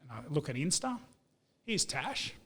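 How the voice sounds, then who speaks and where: An Australian man chatting on a podcast, his voice sitting a bit high. He tells stories in an easygoing, blokey way and keeps peppering them with "mate" and "you know.". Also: very animated, unhurried, a bit bright, breathy edge. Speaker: business owner. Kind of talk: casual podcast storytelling.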